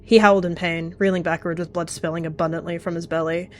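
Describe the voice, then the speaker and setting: Woman narrator, lowish voice, dramatic and vivid, scripted game story. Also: flat delivery, quick pace, faint music behind. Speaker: channel host narrating a roleplay.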